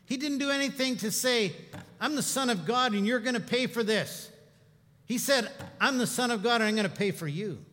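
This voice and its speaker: A male pastor preaching a sermon, telling stories and moving between hushed reflection and animated telling. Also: high-pitched, long reverb tail.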